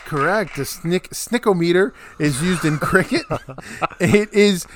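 A man hosting a casual podcast quiz, reading out questions and answer options slowly and chatting between rounds. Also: on the high side, dry recording. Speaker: quiz show host.

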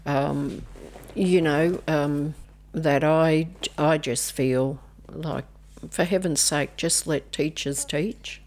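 A woman's voice: low-pitched, fairly even intonation. An older woman, a nun and former educator, chatting as a podcast guest with many hesitations. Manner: slow, hesitant, with many ums and soft asides. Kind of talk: casual podcast chat.

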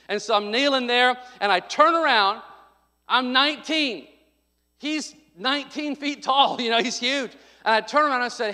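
A male pastor preaching a sermon, telling a story with loud bursts and sudden drops to quiet. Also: very high voice, lively intonation, moderate pace. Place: church sanctuary. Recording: long hall reverb.

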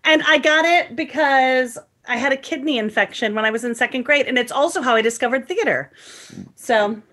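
A woman's voice: high voice, brisk, bright, forceful tone. A woman guest on an interview, chatting casually and playfully, laughing often. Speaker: guest, Broadway performer.

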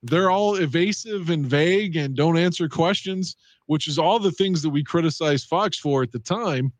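A man's voice: on the high side, normal speed, no room sound. A man co-hosting a casual sports podcast, talking through games in a wry, conversational way. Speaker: podcast co-host.

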